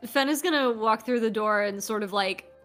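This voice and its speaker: A woman's voice: fairly high pitch, moderate pace, fairly bright tone, soft background music. A woman player describing her character's actions, hesitant and full of ums and likes. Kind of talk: casual tabletop play.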